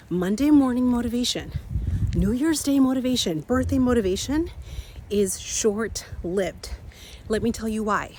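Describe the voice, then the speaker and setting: Slightly raspy woman talking while walking. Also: sits high, slight background noise. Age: 30s. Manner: energetic, repeats key phrases, laughs often. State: out of breath from walking uphill. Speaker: podcast host and coach. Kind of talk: motivational solo talk. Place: outdoors walking up a hill.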